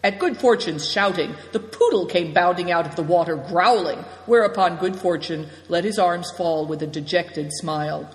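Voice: medium pitch, normal speed, few pauses. Narrator reading in an echoey room. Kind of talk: audiobook narration. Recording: echoey room with long reverb.

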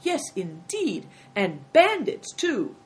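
A fawning, chatty male innkeeper, put on by a woman reading aloud, bowing and scraping as he rambles. His voice rides high and lively, bouncing through every phrase. An audiobook character voice, full of proverbs. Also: takes it slowly, full character voice. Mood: chattering. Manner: obsequious, rambling, proverb-spouting.

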